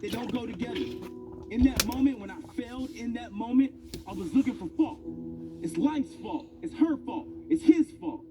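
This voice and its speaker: A man's voice: extremely high pitch, lively intonation, moderate pace, far from the mic. A man in his thirties giving a motivational speech, telling a personal story with emphatic, building delivery. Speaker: motivational speaker. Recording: speech over loud background music.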